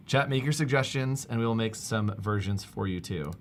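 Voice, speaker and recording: A man hosting a live stream, casually walking viewers through a software demo step by step. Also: lowish voice, moderate pace, a little hiss or hum. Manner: casual, talks viewers through steps on screen. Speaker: livestream host.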